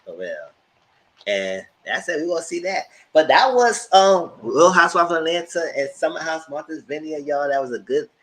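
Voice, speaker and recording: A man hosting a casual live TV review, slangy and animated, breaking into loud mock quotes. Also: a little high, moderate pace, rough recording. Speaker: channel host, TV reviewer.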